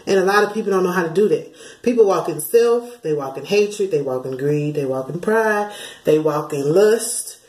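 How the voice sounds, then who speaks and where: A woman's voice: lowish voice, expressive, moderate pace, darkish tone, roomy sound, rough recording. A woman, chatting casually as she passes on spiritual channeled messages, often slipping into quoted voices. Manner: chatty, laughs often, slips into sung lines and quoted voices.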